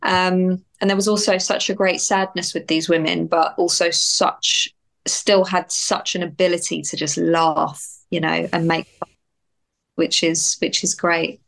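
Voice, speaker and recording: Reflective woman, slightly low voice. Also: flat delivery, measured pace, vocal fry, a bit bright. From United Kingdom. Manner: reflective and heartfelt, often restarting phrases. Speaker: guest, actor and writer. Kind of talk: candid interview conversation.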